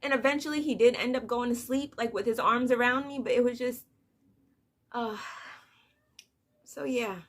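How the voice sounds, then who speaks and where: A young woman and mother talking softly and haltingly in a personal vlog, holding back tears, with many fillers. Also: a little high. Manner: soft, hesitant, many "like" fillers, on the edge of tears. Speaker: vlogger, mother of two.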